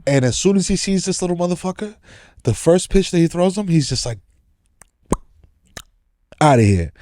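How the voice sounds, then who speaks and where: A man's voice: high voice, fast, mellow, no room sound. A man hosting a podcast, talking casual and profane, laughing a lot and mimicking other people's voices. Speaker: podcast host.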